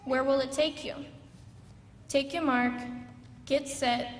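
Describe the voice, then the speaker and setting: A young woman in her late teens, the graduating student speaker, delivers a prepared speech in a large graduation ceremony hall, building it like an earnest pep talk. Her high voice stays steady and she takes it slowly. The recording is echoey and distant, with slight background noise.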